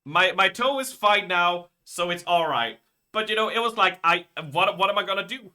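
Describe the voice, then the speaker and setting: A man with a fairly high, very bright and sharp voice chats casually on a live stream. He tells long, rambling stories and swears freely. His delivery is loose and conversational. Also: normal speed, clean tone. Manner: rambling, profane storytelling.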